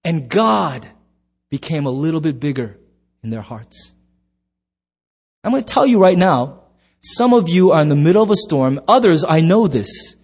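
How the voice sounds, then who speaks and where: Middle-aged guy pastor preaching, goes loud then drops way quiet, voice a bit high. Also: very animated, moderate pace, long pauses, husky. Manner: emphatic, swings from loud to hushed. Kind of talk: sermon.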